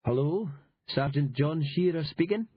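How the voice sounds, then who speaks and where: Brief: man voicing a husky, irritable Northern Scottish sergeant for an audiobook, sarcastic and fed up. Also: a little high, animated, a little slow, muffled recording, voice pushed up. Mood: exasperated. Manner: gruff, sarcastic. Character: weary, irritable rural police sergeant, middle-aged man.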